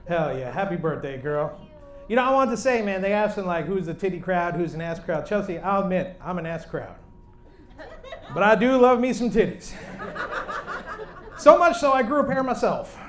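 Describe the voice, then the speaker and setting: Brash high-voiced stand-up comedian, a man. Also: lively intonation, normal speed. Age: late 30s. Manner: loud, brash, crude, punchy. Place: comedy club stage.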